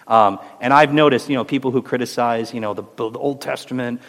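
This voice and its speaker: A man's voice: medium pitch, brisk. A man hosting a Christian talk show, speaking earnestly and encouragingly in a preacherly way. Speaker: host. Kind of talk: faith discussion on a Christian podcast. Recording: roomy with long reverb.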